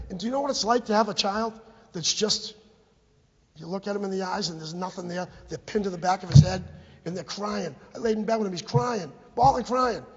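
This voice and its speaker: A middle-aged man speaks at a town meeting, hammering his points over and over in an impassioned appeal. His voice sits high for a man and sounds husky. The recording is dull and muffled, with a long echo from the hall. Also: a little fast. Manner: emphatic, repetitive, exhorting. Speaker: bereaved parent giving public comment. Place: town committee meeting room. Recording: dull, echoey public-access meeting recording.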